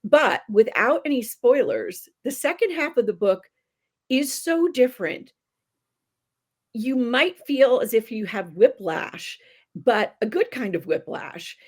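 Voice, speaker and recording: A woman guest on a podcast, talking animatedly about novels she loves, laughing and adding quick asides. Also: on the high side, expressive, husky. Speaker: guest book critic. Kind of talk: enthusiastic podcast interview.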